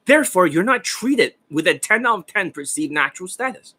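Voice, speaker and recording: Bright-voiced, profane dating coach, rambling. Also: male voice, high voice, big pitch swings, fairly quick, husky. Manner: rambling, profane, often laughing. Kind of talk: casual rambling livestream talk.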